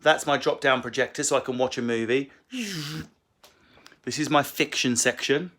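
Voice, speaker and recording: A man's voice: mid-range voice, steady tone, a bit bright. Comedian guy doing a casual q and a from his bookish living room, sweary jokey asides, phone mic. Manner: profane, joking, quick asides. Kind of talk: casual livestream Q&A. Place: book-lined room at home.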